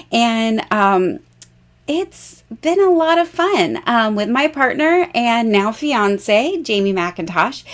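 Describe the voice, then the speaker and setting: A bubbly, chatty woman in her forties, hosting a casual jewelry live stream and laughing often. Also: on the high side.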